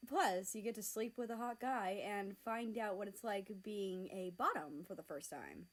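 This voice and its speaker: A woman's voice: mid-range voice, moderate pace, close to an everyday voice. Upbeat teen girl, blunt, teasing sister, read by a woman.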